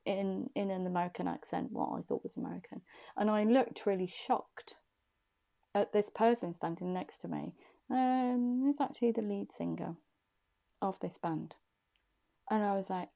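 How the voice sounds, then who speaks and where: A woman's voice: mid-range voice, normal speed, gravelly, dark tone. A woman, a reader chatting casually and laughing at herself as she tells a personal story. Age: young adult. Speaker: intuitive reader.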